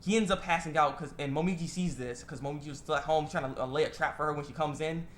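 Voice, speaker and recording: A man casually recapping an anime episode, rambling and excitable, full of fillers and restarts. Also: on the high side, fast talker, slight background noise. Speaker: anime reviewer.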